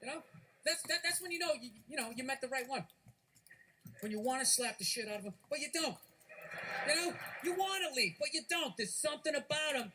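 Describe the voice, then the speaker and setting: A man's voice: very high-pitched, expressive, fairly quick, pushed and bright, a little hiss or hum. Profane, ranting male comedian. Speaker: stand-up comedian. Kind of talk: stand-up comedy. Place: comedy stage.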